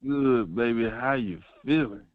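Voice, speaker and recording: A man calling into a sports radio show, talking fast and fired up, with lots of repetition and cussing. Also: medium pitch, dry recording. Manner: animated, swears, preachy repetition. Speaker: caller. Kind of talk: excited sports call-in. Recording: muffled phone line.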